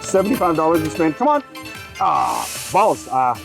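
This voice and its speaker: A man's voice: a little high, huge pitch swings, normal speed, music in the background. A man hosting a slots channel, telling a long story casually while he plays. He rambles, cuts himself off and urges the machine on between sentences. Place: casino floor.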